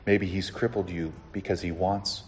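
A man preaching a sermon as pastor, speaking earnestly and dropping to a soft hush before lifting his voice to stress a point, often asking his listeners direct questions. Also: low-pitched, level tone, normal speed, slight background noise. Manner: earnest, drops to a soft hush then rises with emphasis.

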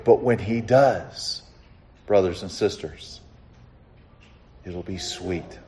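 A man preaching a sermon as pastor, speaking earnestly and dropping to a soft hush before lifting his voice to stress a point, often asking his listeners direct questions. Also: low voice, slow, slight background noise. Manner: earnest, drops to a soft hush then rises with emphasis.

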